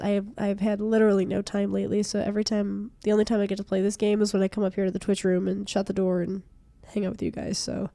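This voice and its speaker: A young woman with a cold, her voice hoarse and stuffy, chatting casually and self-deprecatingly while streaming a game from a small room. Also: mid-range voice, mellow, dry recording. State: congested from a cold.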